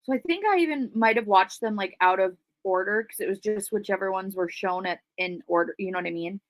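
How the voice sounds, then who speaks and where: Relaxed woman co-host, dry close sound. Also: medium pitch, a little fast, no room sound. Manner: relaxed, laughs along, rambling asides. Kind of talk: casual chat.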